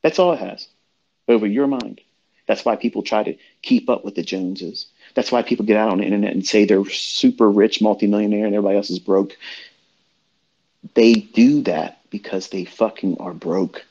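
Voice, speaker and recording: A man with a low voice delivers a blunt, profanity-heavy lecture to his listeners as a trading mentor, and his pitch jumps sharply when he gets heated. The sound is dull and lo-fi, like an online audio stream. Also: fairly quick, darkish tone, husky. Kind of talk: profane motivational rant on a live audio chat.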